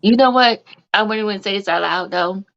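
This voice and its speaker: A woman's voice: medium pitch, a little fast, highs cut off. A woman hosting a casual live podcast, telling a long story in a rambling way with many fillers. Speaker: podcast host.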